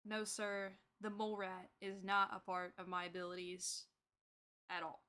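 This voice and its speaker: A woman player talks in character in a dry, questioning way. Her voice is bright and sharp. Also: medium pitch, little pitch movement, normal speed, clean tone. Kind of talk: casual in-character chat in a tabletop game.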